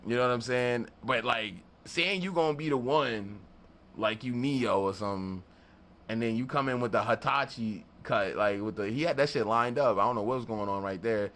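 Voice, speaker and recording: A man's voice: medium pitch, normal speed. A man telling a story in a casual vlog, laughing often and acting out people's lines, with plenty of profanity. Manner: animated, laughing, profane storytelling with acted-out quotes. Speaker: beatmaker and studio vlogger.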